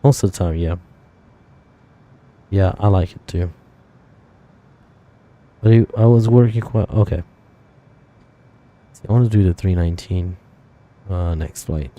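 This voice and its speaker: A man's voice: deep voice, measured pace, long pauses, mellow. A man streaming a flight simulator, thinking aloud in casual chat with viewers and rambling with fillers and self-corrections.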